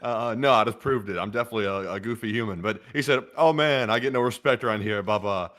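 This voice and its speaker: A man co-hosting a casual livestream, reading out donations in a relaxed, rambling way. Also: fairly low pitch, fast talker. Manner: relaxed, rambling, filler-heavy. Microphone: close desk mic.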